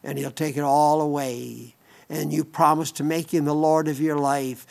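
A man's voice: a little high, level tone, normal speed, gravelly, a little mellow. Folksy older male preacher. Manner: earnest, folksy preaching with many restarts. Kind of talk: sermon.

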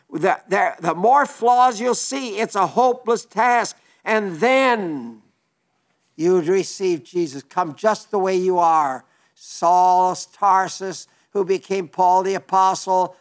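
An older man preaching an earnest sermon, often repeating words for emphasis. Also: high voice.

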